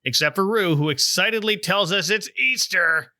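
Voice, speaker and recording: Bright-voiced male podcast host. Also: high-pitched, normal speed, dry recording, clean studio sound. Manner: informative, chuckling often. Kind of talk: podcast recap chat.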